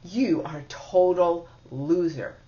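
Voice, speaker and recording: A woman's voice: on the low side, slow, dark tone, recorded from a distance. A woman voicing a blunt, insulting inner critic, the monster part of herself that sneers at her. It sounds like a dull lo-fi recording. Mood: contemptuous.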